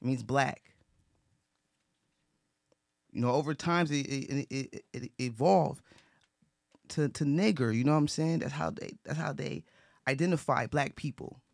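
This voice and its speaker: A man's voice: medium pitch, normal speed, vocal fry, no echo, clean studio sound. A man talking earnestly in casual conversation, repeating himself and restarting his sentences. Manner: earnest, repetitive, with frequent restarts and profanity. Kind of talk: casual talk.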